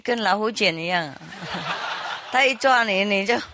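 A woman's voice: mid-range voice, a little slow, noisy background. A woman teacher giving an informal talk to a retreat audience, teasing them playfully with frequent laughter and switching between English and Chinese.

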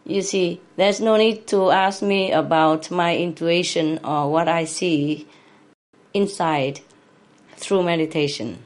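A woman's voice: fairly low pitch, fairly even intonation, slow pace. A woman answering a question in an earnest, heartfelt way, repeating her phrases and laughing between them. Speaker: invited speaker answering questions.

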